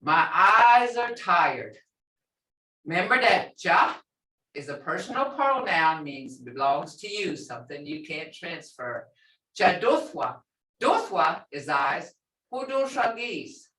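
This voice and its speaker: An older woman teaches a language class in a relaxed, chatty way, repeating each phrase slowly. Her voice swings lively up and down as she explains. She is recorded from across an echoey room. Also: low voice. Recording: echoey room, mic set far off.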